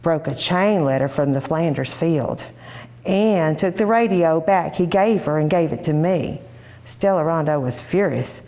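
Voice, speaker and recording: A woman reads a short story aloud in the first person, lively and expressive. Her delivery is animated and theatrical, as in a live reading. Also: low voice, a little slow. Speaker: reader.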